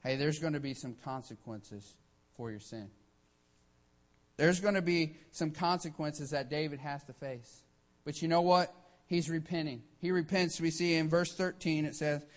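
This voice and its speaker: A man's voice: a little high, moderate pace. A man preaching a sermon with emphatic delivery, often starting lines with "hey" and acting out quotes.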